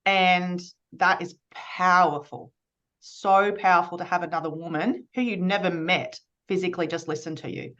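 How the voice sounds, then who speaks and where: Female podcast host, lowish voice, open and chatty storyteller, dull lo-fi recording. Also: a bit bright. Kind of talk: casual podcast intro.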